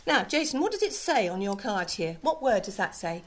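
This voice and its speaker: A woman's voice: mid-range voice, very animated, fairly quick. A middle-aged woman, a primary school teacher who talks in a patient, encouraging, articulate way as she explains her methods and leads a class.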